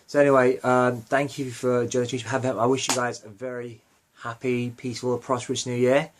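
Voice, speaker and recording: A man's voice: mid-range voice, flat delivery, brisk. A young man hosting a fan podcast, rambling casually with lots of fillers and self-corrections. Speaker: podcast host.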